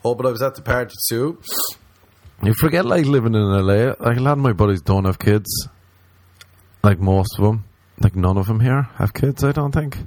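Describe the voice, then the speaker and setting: He has a medium-pitched voice and a moderate pace, with an Irish accent from his home country of Ireland. Casual and animated, he swears a lot while recounting a comic story and voicing the people in it.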